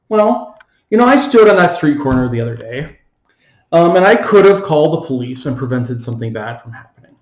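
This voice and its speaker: A man's voice: a little high, big pitch swings, a little fast, roomy sound, poor audio. A man lecturing on philosophy, hesitant, with many ums and restarts as he walks through an argument. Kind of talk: recorded lecture.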